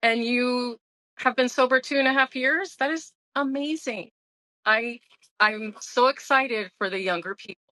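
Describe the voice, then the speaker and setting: A woman's voice: on the high side, measured pace, sharp tone, no echo, low-quality recording. A woman of sixty talking candidly and emotionally as an interview guest, often restarting her sentences. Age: 60s. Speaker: guest sharing her sobriety story.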